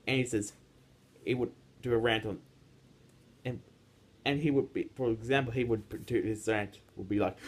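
Husky teenage boy ranting. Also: medium pitch, moderate pace, pauses often. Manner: rambling with frequent restarts. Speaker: YouTube ranter. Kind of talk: casual rant vlog.

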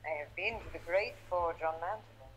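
Actress playing a grave warrior leader. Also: female voice, fairly low pitch, a little fast, slight background noise, natural voice, poor audio. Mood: solemn. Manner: calm, grave and commanding. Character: solemn female warrior leader.

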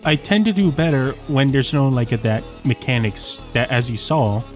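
This is profane, frustrated gameplay commentary from a young YouTuber at home: he keeps losing a rhythm game, so he swears, rants and says the same things again. His medium-pitched voice is animated at a moderate pace, recorded on a desk mic that occasionally moves away, with faint game music behind.

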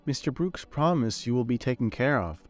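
A man voicing a frail, forgiving mother who speaks softly and reassuringly. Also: mid-range voice, expressive, normal speed, soft background music, close to an everyday voice. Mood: tender. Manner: soft, reassuring.

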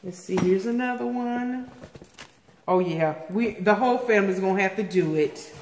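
A woman in a casual vlog, opening viewer mail. She gasps, repeats herself and gets excitable as she talks. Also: mid-range voice, moderate pace. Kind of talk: casual unboxing chat. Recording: echoey room with faint noise.

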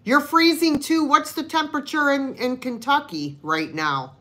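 A woman's voice: sits high, normal speed, pushed and bright. A middle-aged woman hosting a live sale, casually chatting, laughing often and greeting viewers by name. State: cold, complaining of freezing.

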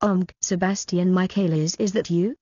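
A woman's voice: fairly low pitch, fairly even intonation, normal speed, mellow, no echo, muffled recording, natural voice. A woman reading as a casual, blunt teenage girl. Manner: casual, outspoken.

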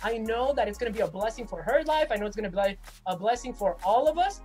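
A woman's voice: on the high side, animated, fast talker, darkish tone, soft background music. A woman hosting a casual interview, asking questions in an upbeat, playful way. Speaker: host.

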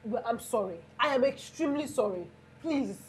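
A flustered shop owner, played by a woman stammers apologies and pleads. Her voice sits fairly high, with faint ambient noise around it. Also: animated, moderate pace, close to an everyday voice. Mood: pleading.

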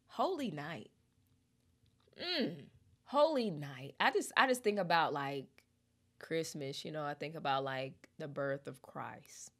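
A young woman, chatting expressively in a casual lyric breakdown and reading lyrics aloud slowly. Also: deep voice, lively intonation, fairly bright tone. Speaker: music reaction host.

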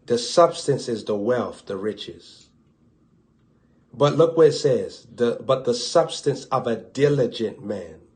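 A man with a Southern US accent preaching a sermon, swinging between loud exhortation and hushed low asides and acting out little dialogues.

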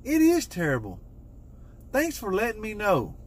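A man's voice: high-pitched, wildly swooping pitch, normal speed, slight background noise, pitched above the performer's own voice. A man voicing an overly agreeable wife, gushing and grateful in a sing-song tone. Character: sweetly agreeable wife, adult woman.

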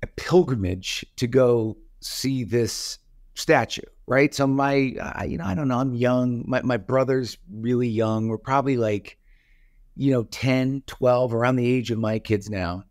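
A man's voice: medium pitch, unhurried, a little mellow, no room sound, clean studio sound. A man in his forties telling a childhood story in a casual, rambling way, full of fillers and restarts.

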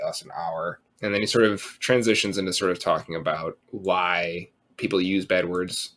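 A man co-hosting a podcast, talking in a relaxed, rambling way, full of fillers and casual swearing. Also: low voice. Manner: relaxed, rambling, lots of um and sort of, swears freely. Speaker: podcast co-host.

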